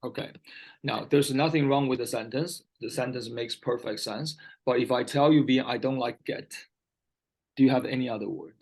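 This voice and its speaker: A man's voice: mid-range voice, normal speed, a little mellow, rough recording. A man tutoring English one-on-one, patiently repeating key words and often checking whether his student understands. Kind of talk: one-on-one vocabulary lesson.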